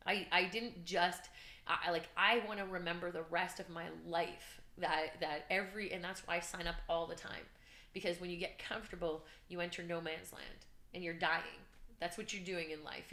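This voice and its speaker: A woman guest telling her story in an interview, animated and earnest, acting out shouts and her own inner voice. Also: fairly low pitch, echoey room. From Canada. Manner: emotional, earnest. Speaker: podcast guest, business coach.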